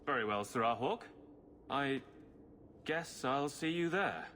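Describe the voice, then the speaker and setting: A man's voice: medium pitch, lively intonation, takes it slowly, pushed and bright, big-room sound, slight background noise. An actor playing a nervous, polite male guardsman in a fantasy game who speaks hesitantly. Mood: awkward. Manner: hesitant, awkward.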